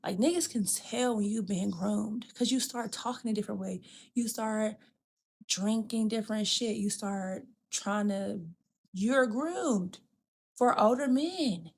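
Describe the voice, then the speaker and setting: A woman's voice: medium pitch, unhurried, gravelly, husky. A woman hosting a podcast, telling a personal story in candid chat, blunt and profane, acting out the people she quotes. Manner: frank and profane, addresses listener as "girl" and "bitch"; animated, acts out quoted people. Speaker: podcast host.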